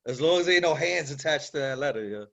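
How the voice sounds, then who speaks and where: A man's voice: on the high side, lively intonation, quick pace, gravelly, bright, forceful tone, lo-fi sound. A man hosting a casual chat, laid-back and slangy, who ends many lines with "yo".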